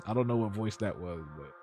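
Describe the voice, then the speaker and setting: A man's voice: lowish voice, warm tone. A man streaming live while he draws cartoons, joking and reacting to his chat as he thinks aloud.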